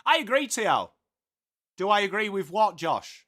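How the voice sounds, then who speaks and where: A man's voice: sits high, sing-song, normal speed, fairly bright tone. A man with an English accent hosting a live football watchalong, calling the play casually and chatting with viewers. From England. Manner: chatty, reads viewer comments aloud, swears casually. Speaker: live stream host commentating football.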